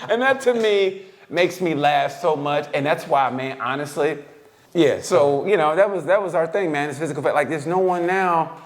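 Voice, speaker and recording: A man's voice: fairly high pitch, normal speed. Man, casual podcast storyteller, profane and loose, laughs often. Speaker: podcast co-host. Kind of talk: casual chat.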